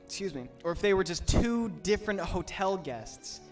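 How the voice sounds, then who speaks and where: A young man on a game stream, telling a story in an animated, rambling way. Game music sits faintly in the background. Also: high voice, moderate pace, distant mic. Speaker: streamer co-host.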